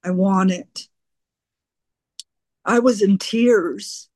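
A woman sharing her recovery story at a twelve-step meeting, halting and earnest, often repeating her words. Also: mid-range voice, darkish tone, dry recording. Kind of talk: personal recovery share.

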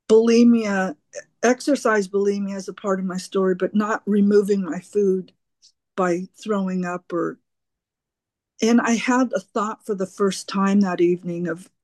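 A woman shares her recovery story at a twelve-step meeting, speaking slowly and haltingly and repeating her words in an earnest, open tone. Her voice is medium-pitched and darkish, and the close, dry recording has no echo or room sound.

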